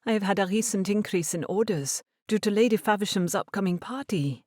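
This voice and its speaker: A woman narrator voicing a composed young dressmaker with a French accent in an audiobook, polite and measured. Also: medium pitch, a little mellow, no room sound, clean studio sound, pitched above the performer's own voice, close to an everyday voice.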